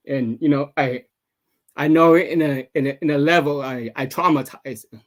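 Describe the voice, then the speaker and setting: A father in a men's discussion circle speaking earnestly and emotionally, halting often and restarting his sentences. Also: on the high side. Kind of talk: casual group discussion.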